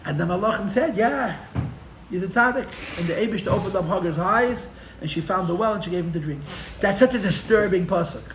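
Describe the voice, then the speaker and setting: A man teaching a live Torah class as a rabbi, telling the story with animated, sarcastic humor and mixing in Hebrew and Yiddish terms. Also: high voice, fast talker, reverberant, a little hiss or hum. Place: room for a live-streamed class.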